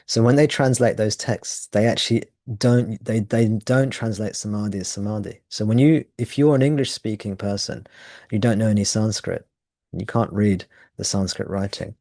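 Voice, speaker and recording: A man's voice: lowish voice, steady tone, normal speed, vocal fry, dark tone, no echo, clean studio sound. A man teaching at a satsang, explaining ideas thoughtfully and often restarting his phrases. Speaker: spiritual teacher. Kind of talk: satsang talk.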